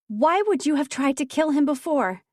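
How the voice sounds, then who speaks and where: A woman's voice: high voice, animated, normal speed, a little mellow, no room sound, clean studio sound, pitched above the performer's own voice. A woman voicing a teenage girl thief who is bewildered and pleading. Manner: pleading, rising to outcries.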